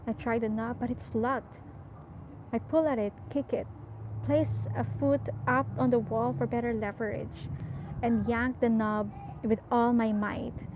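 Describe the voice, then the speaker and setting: Woman reading a novel, slightly high voice. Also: noisy background. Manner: measured, softly expressive storytelling. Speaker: audiobook reader.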